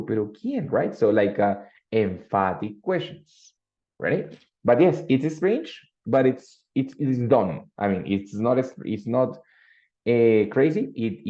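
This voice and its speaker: Gravelly male teacher. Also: on the low side, dark tone, dull audio. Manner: switches between English and Spanish, explaining with examples. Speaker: English teacher. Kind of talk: online English class.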